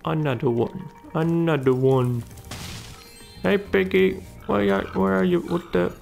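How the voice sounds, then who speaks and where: Man, casual gameplay commentary, slow drawl, gravelly voice, swears at the game. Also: a little high, steady tone, darkish tone, soft background music. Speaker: gaming channel host.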